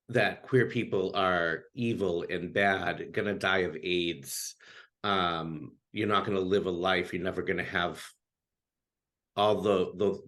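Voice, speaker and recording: A man who coaches queer youth, talking earnestly as an interview guest, halting and restarting often. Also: lowish voice, a bit bright.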